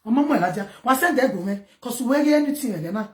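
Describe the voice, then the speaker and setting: Nigerian woman vlogger, high-pitched, scolds her audience in Pidgin, roomy sound. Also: lively intonation, fast. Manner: loud, scolding, mixes Pidgin and local words. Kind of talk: ranting commentary to camera.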